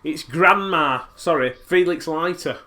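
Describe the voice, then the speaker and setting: A man's voice: a little high, a little slow, pushed and bright. A man with a Yorkshire accent hosting a podcast, giving blunt, jokey and sweary commentary while he watches a film. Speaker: podcast host.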